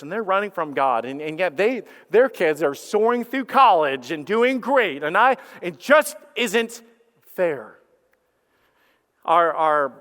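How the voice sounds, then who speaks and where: A middle-aged man preaches from the pulpit, his voice a touch high and very clear. He tells his story in animated bursts, stumbling and restarting as he acts out what people said. A long church reverb trails each phrase. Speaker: pastor. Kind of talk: sermon with personal story. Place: church sanctuary.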